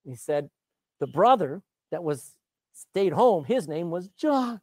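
Man preaching with lively pitch swings. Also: unhurried, breathy edge, dry recording, studio quality. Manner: storytelling, swings from soft to loud and emphatic. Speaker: pastor. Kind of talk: sermon.

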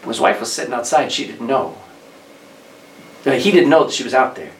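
A man preaching a sermon to a congregation, telling stories in a conversational way that rises in pitch and force on key points. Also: lively intonation, a little fast, slight background noise. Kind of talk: sermon with storytelling. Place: church hall with congregation. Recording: echoey room, distant mic, faint background.

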